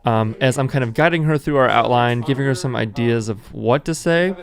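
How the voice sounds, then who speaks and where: A man's voice: mid-range voice, brisk, vocal fry. A young man, the host and videographer, casually explaining a filming setup with frequent fillers. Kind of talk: casual behind-the-scenes narration.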